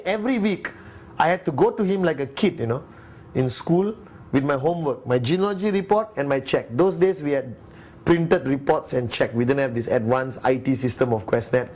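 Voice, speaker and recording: A man's voice: high voice, darkish tone. A man giving a blunt, pushy motivational talk, firing rhetorical questions at his audience. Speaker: network marketing leader and motivational speaker.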